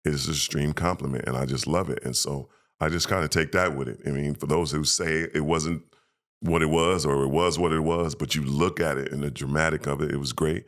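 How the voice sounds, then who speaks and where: A man, a former pro basketball player, telling emotional, animated stories as a podcast guest and acting out quoted voices. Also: a bass voice, fairly quick. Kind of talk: casual storytelling interview.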